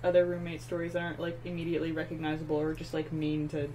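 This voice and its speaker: A woman co-hosting a casual talk show tells stories with lots of animation. She gets loud as she acts out her anger. A faint noise and hum sit behind her voice. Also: low-pitched, monotone, racing, rough recording. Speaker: podcast co-host. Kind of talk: casual storytelling chat.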